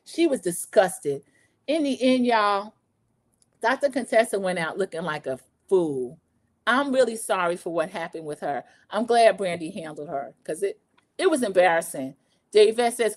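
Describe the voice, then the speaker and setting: A woman in her forties hosting a casual livestream recap, gossipy and animated, talking straight to her viewers. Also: medium pitch, normal speed. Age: 40s. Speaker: show recap host.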